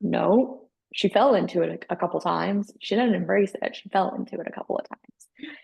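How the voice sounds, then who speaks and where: A woman's voice: on the low side, moderate pace, gravelly, darkish tone, breathy edge. A woman co-hosting a podcast in casual chat, candid and swearing freely as she tells stories with acted-out dialogue. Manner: storytelling, acts out quoted dialogue. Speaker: podcast co-host.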